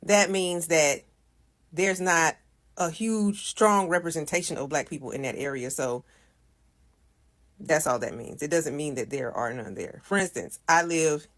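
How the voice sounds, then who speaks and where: Us woman talking low and patient, explaining stuff, says things twice. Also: unhurried. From United States. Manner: explains patiently, repeats points, quotes sayings. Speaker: social media commenter. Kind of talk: casual explanatory monologue.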